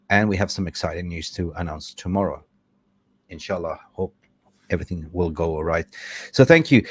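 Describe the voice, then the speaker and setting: A young man hosts a football fan podcast livestream, speaking in a lowish register. The sound is dry and close. He is effusive, reels off supporter shout-outs, and stumbles over unfamiliar names. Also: no echo. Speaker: podcast host.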